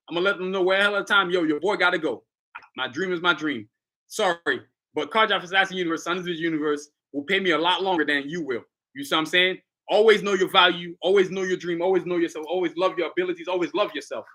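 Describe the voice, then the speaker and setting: A man's voice: sits high, sharp tone. A man hosting his own livestream, talking casually in a hyped, motivational, slangy way straight to his viewers. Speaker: livestream host, artist.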